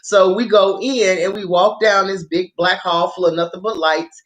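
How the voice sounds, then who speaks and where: A woman vlogger telling a story in a casual, animated way, swearing freely. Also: mid-range voice, moderate pace. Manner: animated, profane, laughs often.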